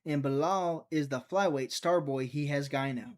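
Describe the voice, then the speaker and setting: Young man, slightly high voice, rambling live stream chat, jokey. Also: normal speed. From Mississippi, USA. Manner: rambling, jokey, reads and answers chat aloud.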